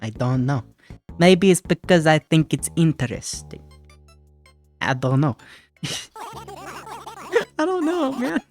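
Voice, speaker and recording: A loose, wisecracking streamer chatting to viewers while playing, swearing casually and cracking up at their own tongue-twisted lines. The voice sits at an ordinary middle pitch, with faint game music murmuring underneath, and now and then it slides into a hammy mobster accent. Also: very animated, takes it slowly, pauses often, a little mellow. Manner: joking, swears freely, laughs at own slips; slips into a put-on mobster accent. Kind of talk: casual live-stream chat.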